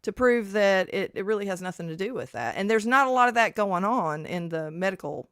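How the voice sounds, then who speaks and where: A woman co-hosts a casual health chat, rambling and exclaiming as she tells a story. Her voice sits at a middle pitch. The recording is dry and close. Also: expressive, brisk, a bit bright, dry recording. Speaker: co-host.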